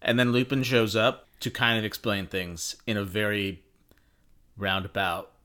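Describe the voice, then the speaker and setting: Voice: deep voice, flat delivery, a little slow, fairly bright tone. Podcast cohost, casual chat, dry wry jokes. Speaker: podcast co-host.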